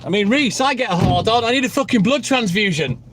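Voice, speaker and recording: A man's voice: high-pitched, animated, fairly quick, noisy background. A man in his late thirties, live streaming, greeting viewers and bluntly swearing at a heckler. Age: 30s. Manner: blunt, heavy swearing, trash-talks viewers. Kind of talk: casual live stream chat.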